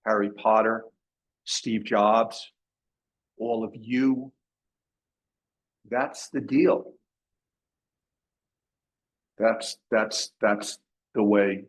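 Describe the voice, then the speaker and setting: A man's voice: lowish voice, low-quality recording. A man lecturing a class in a casual way, often restarting and repeating his words. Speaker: masterclass lecturer.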